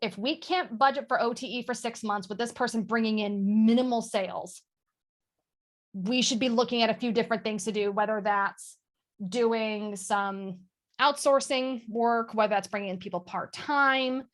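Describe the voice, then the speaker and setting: A woman's voice: fairly high pitch, moderate pace. A woman guest speaking frankly and casually about sales, swearing now and then. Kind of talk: casual panel chat.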